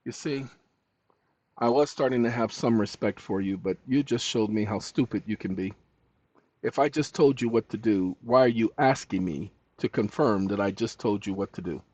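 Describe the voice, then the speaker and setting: A man hosting casual screen-recording commentary, animated and scolding as he talks to a chatbot and his viewers. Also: on the low side, normal speed, no echo. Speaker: channel host. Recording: dull dry lo-fi mic.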